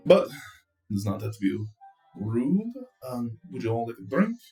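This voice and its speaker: A man's voice: medium pitch, very animated, unhurried, gravelly, warm tone, recorded from a distance, soft background music. A man voicing a courteous male giant who runs a business and hosts visitors, speaking with a put-on accent. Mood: genial. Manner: affable, polite, with an accent put on.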